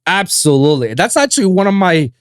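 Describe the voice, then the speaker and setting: Guy hosting a podcast, kinda high voice, swears a lot, close dry mic. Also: fast talker, clear, resonant tone, no room sound. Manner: animated, swears freely, lots of fillers. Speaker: podcast host. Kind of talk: casual podcast chat.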